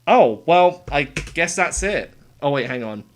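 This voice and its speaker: A streamer giving casual live reaction commentary, excitable, with quick exclamations and casual slang aimed at chat. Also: mid-range voice. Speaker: livestreamer.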